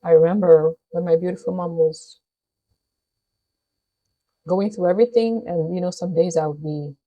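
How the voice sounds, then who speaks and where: A woman's voice: fairly low pitch, moderate pace, lo-fi sound. A woman vlogger speaking to her viewers in a heartfelt, earnest way. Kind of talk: personal talk to camera.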